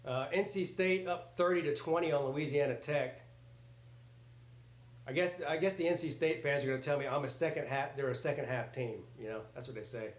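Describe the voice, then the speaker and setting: A man hosting a casual live reaction stream, calling plays as they happen in a rambling, excitable way that slips into swearing. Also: fairly high pitch, brisk. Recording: roomy echoey home setup.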